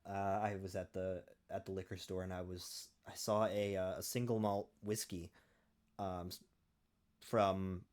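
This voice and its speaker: A man co-hosting a podcast chat, speaking in a relaxed, deliberate way with lots of fillers. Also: low-pitched. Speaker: podcast co-host. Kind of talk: casual chat.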